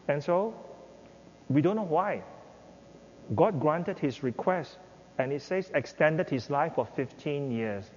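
A man's voice: expressive, slow, pauses often, a little mellow. An older man preaching a sermon as pastor, acting out pleading prayers in an impassioned voice. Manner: impassioned, acts out prayers with rising pitch. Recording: dull reverberant hall with faint noise.

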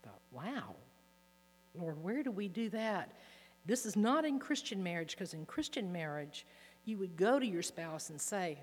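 A woman teaching from the Bible in an earnest way, reading passages aloud with emphasis, recorded in a hall with a low mains hum. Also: big pitch swings, a little slow.

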